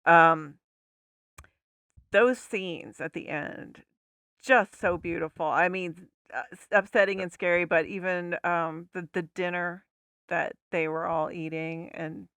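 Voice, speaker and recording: Woman, podcast co-host, casual movie chat, animated, bright voice, dry close mic. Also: fairly low pitch, slow, clear, resonant tone, no room sound. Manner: animated, laughs often, breaks into impressions.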